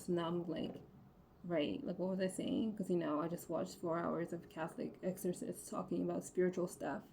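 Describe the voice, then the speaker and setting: A woman's voice: on the low side, vocal fry, mellow, a little hiss or hum. A woman talking casually and bluntly to her viewers, rambling with constant "like" fillers and frequent swearing. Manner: rambling, heavy use of "like" fillers; profane, blunt.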